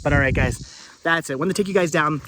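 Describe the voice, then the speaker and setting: A woman with a notably low voice gives a loose, walk-along vlog commentary. She is enthusiastic and rambly, stumbling over and repeating words, with a faint hiss under the recording. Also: brisk, fairly bright tone. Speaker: travel vlogger. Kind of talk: casual walking vlog narration.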